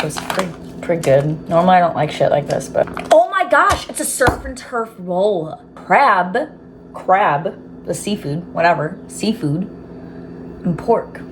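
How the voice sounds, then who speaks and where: Lady chatting while she cooks in her kitchen, giggly, cusses a bit, noisy home video. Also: lowish voice. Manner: chatty, giggly, swears casually. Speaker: cooking vlogger. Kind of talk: casual cooking chat.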